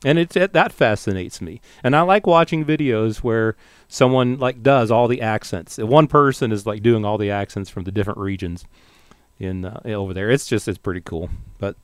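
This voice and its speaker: A man's voice: on the low side, normal speed, clear, resonant tone, dry recording. A man co-hosting a podcast in casual chat, rambling and self-deprecating, laughing often. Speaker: podcast co-host.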